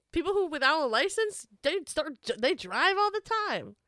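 A woman's voice: high voice, big pitch swings, moderate pace, sharp tone, no room sound, studio quality. A woman co-hosting a casual podcast, chatty and full of filler words. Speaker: podcast co-host. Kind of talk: casual chat.

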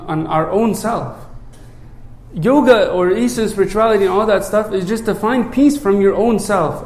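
A man with a fairly high voice gives a relaxed, conversational sermon. He stumbles over repeated words and keeps asking "right?" to check in with his listeners. His voice sinks low and quiet whenever he recites the prayer, and the room around him rings with echo. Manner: repeats words at the start of phrases; drops low and soft when reciting prayer. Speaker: priest.

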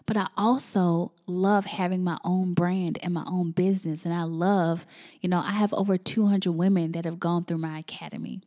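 Chatty, emotional woman host, slightly low. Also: mellow. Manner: chatty, emotional, addresses listeners as y'all. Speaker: podcast host and business coach. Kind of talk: personal storytelling monologue.

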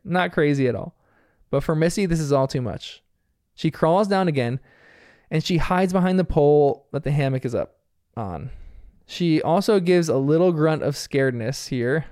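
Chatty male reviewer, somewhat high, smooth clear voice, dry close sound. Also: a little mellow, dry recording. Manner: amused, chatty, laughing often. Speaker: cartoon episode reviewer. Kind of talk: casual episode recap.

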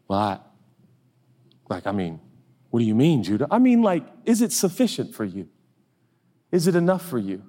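A middle-aged male pastor preaching a lively sermon, self-mocking and animated, often jumping into high silly voices for comic asides. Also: normal speed, long pauses. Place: church auditorium. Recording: long reverb of a large hall.

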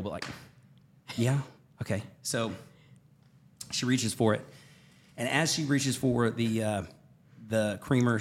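A middle-aged man co-hosting a podcast, casually telling a story in an animated way, laughing and acting out quoted lines. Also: on the low side. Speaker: podcast co-host.

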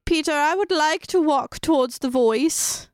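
A woman playing a tabletop game, chatty and slangy, quick to joke. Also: sits high, a little hiss or hum. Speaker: player. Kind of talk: casual tabletop role-play.

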